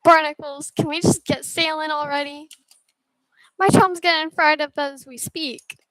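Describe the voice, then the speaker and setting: A woman puts on a boisterous pirate captain of a game ship, gruff and bossy. He hands out orders in a slow, deliberate drawl. The sound is dry and close, with no room around it. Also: high voice, steady tone, fairly bright tone, no room sound, voice pushed up, poor audio. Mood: commanding.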